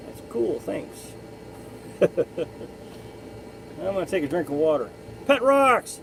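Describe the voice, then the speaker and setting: High-voiced man chatting on a live stream. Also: very animated, takes it slowly, creaky, long pauses, a little hiss or hum, rough recording. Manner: rambling, chatty, frequent restarts. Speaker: live stream host reading chat. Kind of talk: casual live chat.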